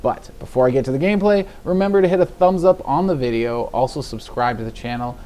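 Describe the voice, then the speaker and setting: Fast, expressive and mellow at medium pitch, a man rambles casually through his deck and gameplay in a card game video. He laughs at his own slips, and he's a little tired, yawning along the way.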